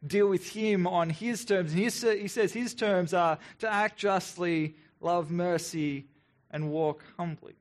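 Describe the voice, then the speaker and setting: A man in his thirties preaching a sermon in an earnest, reflective way. He often repeats himself and adds quick sarcastic asides. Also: on the high side. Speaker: pastor.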